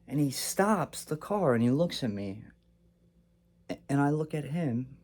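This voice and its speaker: A man's voice: a little high, a little slow. A young man casually telling a personal story and acting out what he and his brother said. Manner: animated, acts out quotes of himself and his brother.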